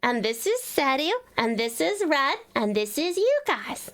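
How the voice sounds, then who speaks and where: A woman with an Australian accent chats through a live stream, warmly doting on viewers and swearing freely. Her voice sits high and swoops up and down with lively bounce. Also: slow. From Tasmania, Australia. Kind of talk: casual live-stream chat.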